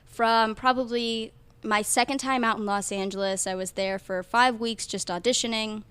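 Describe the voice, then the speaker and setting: A young woman from Ohio, a guest on a podcast, telling stories in a casual, animated way with frequent laughs. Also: fairly high pitch, moderate pace, smooth, no echo. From Ohio, USA. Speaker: guest actor.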